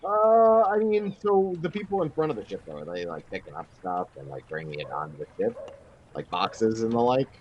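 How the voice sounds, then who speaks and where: Lively-toned man playing a tabletop game. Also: on the low side, moderate pace, dull audio, a little hiss or hum. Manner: lively, asks questions with restarts. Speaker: player. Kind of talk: casual tabletop game play.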